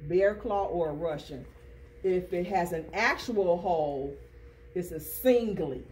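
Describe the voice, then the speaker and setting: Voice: medium pitch, a little slow, darkish tone. An instructor teaching a class, drilling terms through rhythmic repetition and call-and-response questions. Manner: quizzes students with call-and-response. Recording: distant classroom recording, faint noise.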